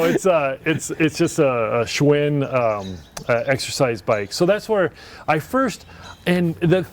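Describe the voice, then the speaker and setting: A man's voice: mid-range voice, slight background noise. A man who is a priest, talking in an earnest, reflective way in a casual conversation and often restarting his sentences.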